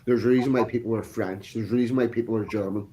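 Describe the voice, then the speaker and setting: A man talking as a guest on a live stream, measured and repeating phrases for emphasis. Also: lowish voice, fairly even intonation, warm tone. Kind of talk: casual chat.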